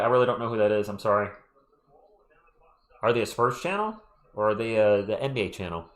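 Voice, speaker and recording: A man hosting a casual live play-by-play stream, calling plays and answering chat with an animated delivery while losing his voice. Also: mid-range voice. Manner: animated, quick play calls mixed with chat shout-outs.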